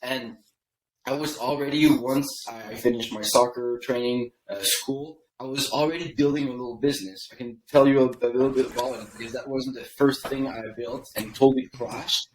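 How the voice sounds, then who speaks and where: A man from Canada tells his story as a podcast guest, rambling casually and checking in with "right?" after his points. His voice sits at a middling pitch. The room around him is echoey and reverberant. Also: steady tone, normal speed, a little hiss or hum. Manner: rambling, tags lines with "right?". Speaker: podcast guest, email copywriter.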